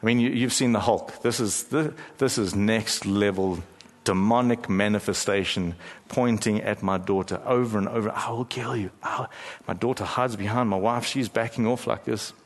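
A middle-aged man preaching a sermon as pastor, telling stories with emphatic pauses and dramatic slow-downs. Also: fairly low pitch, steady tone. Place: large church hall. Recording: long hall reverb.

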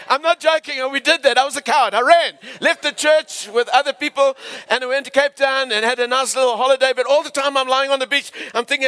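A man from England preaching a storytelling sermon, animated, switching between shouts and hushed tones. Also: extremely high pitch, quick pace, clear, resonant tone.

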